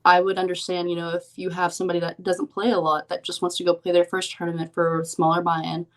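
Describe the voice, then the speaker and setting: A woman's voice: lowish voice, completely flat delivery, fast talker. A young woman, a professional poker player, chatting as an interview guest and telling stories with lots of "like" and "um". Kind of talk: casual interview chat.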